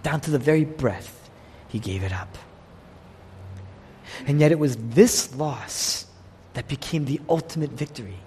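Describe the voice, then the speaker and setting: A man preaching a sermon with passion, rising to loud peaks and dropping to hushed lows. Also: a little slow, long pauses, big-room sound, slight background noise. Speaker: pastor.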